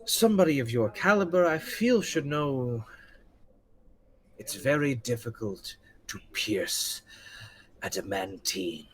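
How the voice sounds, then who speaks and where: A man's voice: mid-range voice, expressive. A man voicing a refined, haughty dragon general. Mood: smug. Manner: refined, cool and unhurried.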